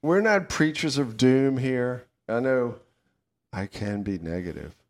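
A middle-aged man with a Southern American accent, co-hosting a casual talk show, animated and fond of swearing and laughing. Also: mid-range voice, unhurried. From southern United States. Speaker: podcast co-host. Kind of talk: casual chat.

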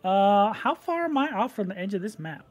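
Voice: mid-range voice, very animated, fairly quick, darkish tone. Playful player doing math aloud. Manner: playful, joking, thinking aloud. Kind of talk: casual chat at a game table.

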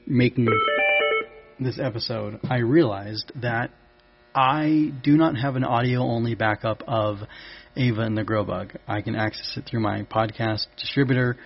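A man reading a children's story aloud as a podcast host, in a measured storytelling manner. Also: medium pitch, fairly even intonation, creaky, soft background music. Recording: dull lo-fi recording.

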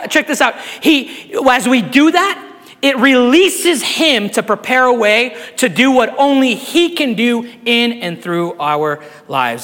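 High-pitched impassioned preacher man, big hall. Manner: impassioned preaching, building to shouts, with repeated restarts. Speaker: pastor. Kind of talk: sermon. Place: church sanctuary with a live congregation.

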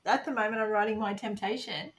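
A woman's voice: mid-range voice, fairly even intonation, fast. A woman with an Australian accent, a guest author chatting in a casual podcast interview, giggly and sarcastic as she tells stories.

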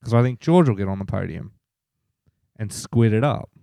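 A man's voice: fairly low pitch, lively intonation, normal speed, gravelly, dark tone, no room sound, clean studio sound. A man, co-hosting a podcast in casual chat, joking cheekily and swearing freely. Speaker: podcast co-host.

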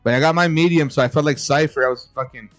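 A man's voice: a little high, quick pace, a bit bright, faint music behind. A man co-hosting a podcast in a laid-back way, swearing a lot and laughing often with his friends. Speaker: podcast co-host. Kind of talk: casual chat.

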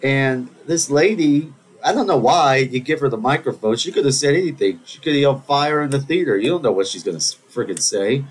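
A man's voice: medium pitch, animated, brisk, hardly any pauses, slight background noise, rough recording. A man hosting a podcast, telling a story in a casual, digressive monologue with wry asides. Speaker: podcast host.

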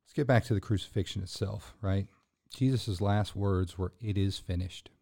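Here a podcast host with a fairly low, dark voice marked by vocal fry talks at normal speed. His sermon-style delivery starts earnest and loose, with fillers and restarts between points, then swells into forceful, preacherly outbursts.

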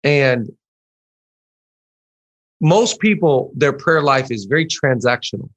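An earnest male pastor speaks in a middle-pitched voice, chatting casually. He slips into quoted prayers as he talks. The sound is dry and close, with no room around it. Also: animated, slow, fairly bright tone, dry recording. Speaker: pastor, podcast guest. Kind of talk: casual conversation.

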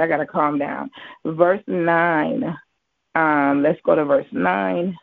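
A man giving a Bible teaching as a preacher, halting with many ums and restarts. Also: a little high, steady tone, gravelly, dry recording. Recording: tinny phone-like line, dry.

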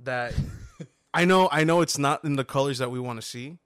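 A young man co-hosting a podcast, telling stories expressively and getting loud when excited. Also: mid-range voice, normal speed, clear, resonant tone, no room sound, studio quality. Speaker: podcast co-host. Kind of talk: casual podcast chat.

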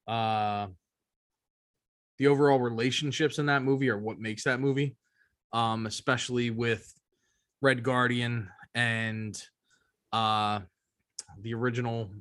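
A man's voice: mid-range voice, steady tone, slow, pauses often, dry recording, clean studio sound. Rambling, emphatic male podcast co-host. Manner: rambling, emphatic, frequent "you know what I mean". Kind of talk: casual chat.

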